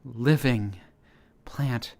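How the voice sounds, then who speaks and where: A man voicing a damaged female ship AI in a storybook reading, with a scratchy, trembling, halting voice. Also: mid-range voice, gravelly, darkish tone. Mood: strained. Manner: halting, broken-up phrases.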